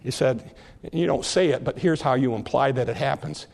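An older man preaching a sermon, retelling a story in a lively, joking way. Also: mid-range voice, moderate pace, creaky. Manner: lively, jokey storytelling with laughs.

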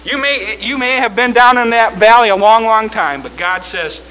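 A man preaching a fervent sermon, swinging from shouts to hushed tones. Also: sits high, moderate pace, hardly any pauses, slight background noise, poor audio.

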